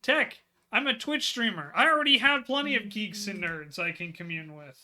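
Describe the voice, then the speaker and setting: A man's voice: high voice, lively intonation, moderate pace, pushed and bright. A man who is a Twitch streamer, chatting casually and bluntly while he plays a game. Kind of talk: casual gameplay commentary.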